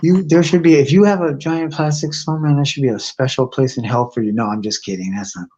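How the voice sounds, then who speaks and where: A man hosting a live stream tells crude, rambling stories full of profanity in an animated, casual chat from home and the outdoors nearby. His voice is mid-range, husky, and brisk, and the audio sounds dull.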